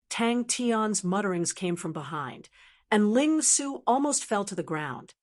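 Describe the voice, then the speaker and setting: A woman reading a fantasy novel aloud as an audiobook narrator, in a steady, even storytelling voice. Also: medium pitch, a little slow.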